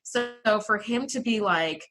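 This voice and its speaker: A young adult woman co-hosting a podcast in animated casual chat, laughing often and saying "like" a lot. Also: a little high, unhurried, over music. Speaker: podcast co-host.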